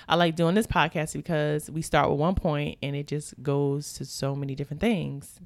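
A woman's voice: low-pitched, moderate pace, no room sound. A woman hosting a podcast in casual chat, talking bluntly and with swearing, now and then slipping into joking voices. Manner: animated, blunt and profane, slips into joking voices. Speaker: podcast host.

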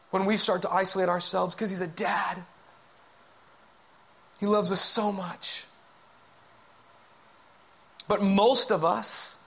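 A man preaching a sermon, swinging between loud, urgent calls and hushed whispers as he acts out inner voices. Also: high-pitched. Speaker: pastor.

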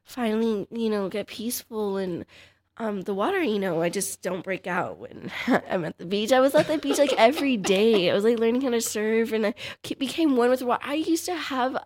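A young woman, a fighter guest on a podcast, tells stories in a rambling, casual way full of fillers and grows excitable in the tense parts. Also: on the high side, brisk. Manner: rambling, filler-heavy, excitable when retelling scares. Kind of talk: casual storytelling chat.

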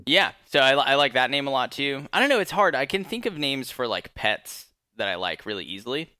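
Young guy podcast host, bright forward voice, dry close sound, loose rambly chat. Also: medium pitch, very animated, fairly quick, clean tone, no room sound. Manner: laid-back, rambling with fillers and laughs. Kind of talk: casual chat.

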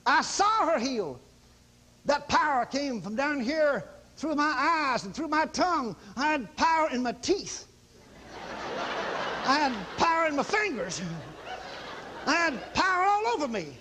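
A man preaching a sermon, telling stories in an animated, exclamatory, folksy way. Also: very high-pitched, a little slow, pauses often. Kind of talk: storytelling sermon.

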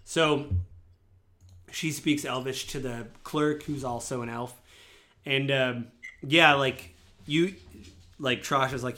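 A man's voice: medium pitch, steady tone, slow, pauses often, sharp tone. A man narrating a tabletop game as game master, rambling with many fillers.

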